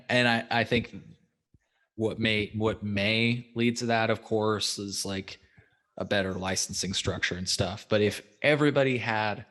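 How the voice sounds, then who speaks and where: A man's voice: on the low side, a bit bright. A man hosting a podcast in casual chat, laid-back, swearing freely and filling with "um" and "like". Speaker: podcast host.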